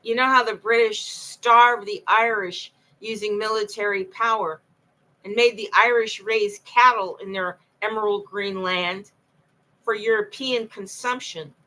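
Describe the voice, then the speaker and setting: A woman's voice: mid-range voice, fairly even intonation, measured pace, bright, forceful tone, rough recording. A woman talking alone late at night, telling her own story in an impassioned, rambling way and often repeating herself. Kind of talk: late-night monologue to camera.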